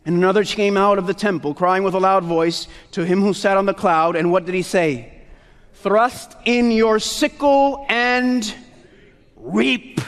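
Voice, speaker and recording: A man from Puerto Rico with a very high voice preaches a sermon, loud and emphatic. He keeps calling out to the congregation for answers. His voice rings through a large hall with a long reverb. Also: fairly even intonation, brisk, hardly any pauses.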